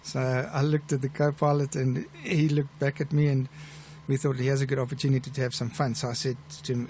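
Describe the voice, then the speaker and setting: A middle-aged man with a South African accent, a pilot who hosts a live show and tells stories in a chatty, relaxed way. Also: mid-range voice, normal speed, a little hiss or hum. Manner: chatty, relaxed storyteller with restarts. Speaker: airline pilot and show host. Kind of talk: live show chat and anecdote telling.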